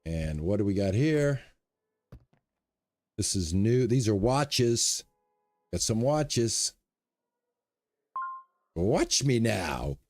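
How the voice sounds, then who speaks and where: A man with a lowish voice draws out his words and leaves long pauses while he streams a shop game, narrating his moves and chatting easily with viewers in between. There is no room sound.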